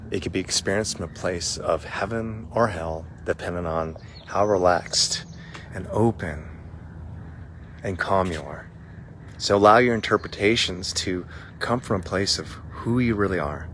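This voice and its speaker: A man coaching his audience with a calm, reflective story, talking softly and pausing often with fillers. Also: fairly low pitch, a little hiss or hum. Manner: soft, relaxed, reflective, many fillers. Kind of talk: spiritual storytelling talk.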